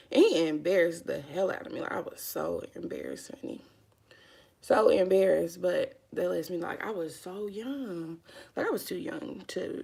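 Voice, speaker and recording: A young woman chats to her viewers while she does her brows, dramatic and talkative, calling everyone honey and y'all. Her voice is husky with a gravelly edge. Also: lowish voice, warm tone. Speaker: vlogger. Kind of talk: casual makeup vlog chat.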